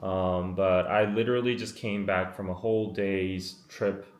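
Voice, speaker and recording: Tired, slow-talking man in an echoey room. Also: sits low, fairly even intonation. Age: 30s. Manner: apologetic, rambling and chatty. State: tired from a day in the heat. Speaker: live-stream podcast host. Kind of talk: casual live-stream chat, reading out viewer comments. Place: makeshift room away from his usual setup. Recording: roomy, echoey room sound.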